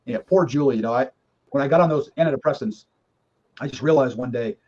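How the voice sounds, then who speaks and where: Talking quickly in a medium-pitched, darkish voice, a middle-aged guest shares his story in a relaxed conversation, frank and emphatic with some cursing. The recording is dull and lo-fi.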